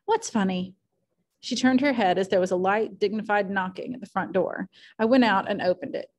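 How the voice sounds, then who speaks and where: A woman reads a classic novel aloud at home, her voice sitting at an ordinary middle pitch. Her storytelling is clear and expressive, carrying the narration at an even, steady pace. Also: fairly quick. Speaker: audiobook reader.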